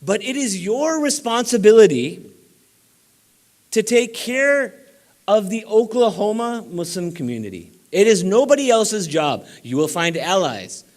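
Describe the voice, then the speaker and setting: Higher-pitched man giving an emphatic keynote. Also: big pitch swings, a little slow. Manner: emphatic, exhorting the audience. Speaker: keynote speaker. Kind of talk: banquet keynote speech. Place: banquet room before about four hundred people.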